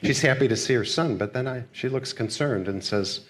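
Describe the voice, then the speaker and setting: A man's voice: mid-range voice, a little fast, fairly bright tone. An older man giving a lecture, telling a personal story in a subdued, reflective and hesitant way. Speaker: guest lecturer. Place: school lecture hall.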